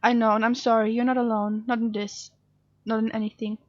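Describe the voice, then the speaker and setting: A sleepless, guilty young woman answers her friends' worried texts, as a woman reads them aloud. The voice is fairly high, with a dull, dry sound. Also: little pitch movement, brisk, dry recording, lightly acted. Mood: weary. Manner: reading text messages aloud, subdued. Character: tired, guilty grieving woman texting friends.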